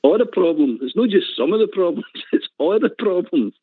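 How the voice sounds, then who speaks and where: A man's voice: high-pitched, lively intonation, a little fast, breathy edge, dry recording. A Scottish man calling in to a football phone-in, ranting passionately and laughing often. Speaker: caller. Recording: tinny phone line, dry.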